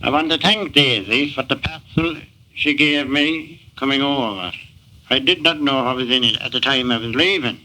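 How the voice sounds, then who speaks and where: A man with a mid-pitched, very bright voice records a message home. His phrasing is formal and letter-like, and he lists greetings in an orderly way. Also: normal speed, rough recording. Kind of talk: recorded spoken message to family.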